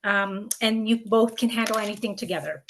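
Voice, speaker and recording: A woman's voice: medium pitch, fairly quick, a bit bright, slight background noise. A woman doula giving earnest advice to expecting parents, speaking with frequent ums and restarts. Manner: earnest, filler-heavy, many ums and restarts. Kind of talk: educational talk to camera.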